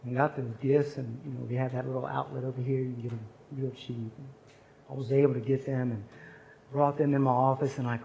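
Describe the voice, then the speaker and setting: A man's voice: mid-range voice, flat delivery, a little fast, gravelly, dark tone, a little hiss or hum. A man speaking at a chapel service, telling a personal story in an earnest, conversational sermon.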